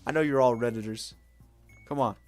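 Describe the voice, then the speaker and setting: A man's voice: mid-range voice, a little fast, darkish tone, faint music behind. A young man streaming late at night, chatting casually with viewers in a rambling, self-mocking way, swearing now and then.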